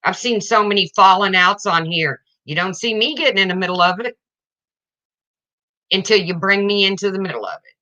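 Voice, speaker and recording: A woman's voice: medium pitch, normal speed, sharp tone. A woman livestreaming to her viewers, ranting in an indignant, confrontational way and addressing them directly.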